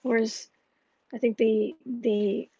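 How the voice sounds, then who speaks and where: A woman hosting a tarot livestream in casual chat, thinking aloud slowly with many fillers and restarts. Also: a little high, level tone, vocal fry, dull audio, noisy background.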